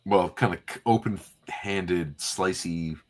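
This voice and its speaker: A man's voice: sits low, unhurried. A man co-hosting a casual comic read-through, narrating and joking in an easy, bantering way. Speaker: co-host.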